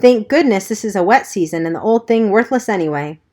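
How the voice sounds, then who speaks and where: A woman's voice: medium pitch, a little fast, close to an everyday voice. Woman reading as a good-natured grown man. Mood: reassuring. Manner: calm, reassuring.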